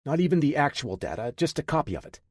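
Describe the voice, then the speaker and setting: A man voicing a cocky young male hacker who wisecracks quickly. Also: fairly high pitch, sing-song, darkish tone, no echo, clean studio sound, voice pushed up. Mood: joking.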